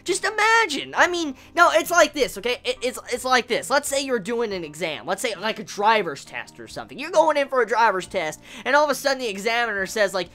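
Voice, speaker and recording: Animated, profane woman reviewer. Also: a little high. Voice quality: blunt and profane. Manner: animated, stammering restarts, drawn-out rhetorical questions. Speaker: anime reviewer. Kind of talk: casual video review. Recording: faint music behind.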